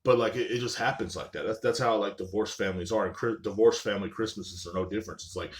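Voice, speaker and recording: A man's voice: lowish voice, quick pace. A young man hosting a casual solo podcast, telling rambling, profane stories full of "like" and "you know what I'm saying". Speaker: podcast host.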